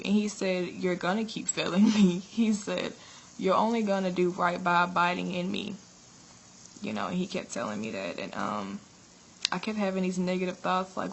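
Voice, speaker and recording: A woman's voice: medium pitch, fairly even intonation, moderate pace, gravelly, slight background noise, rough recording. A woman sharing a spiritual testimony in a chatty, earnest way, often laughing as she retells it. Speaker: prophetess sharing a vision.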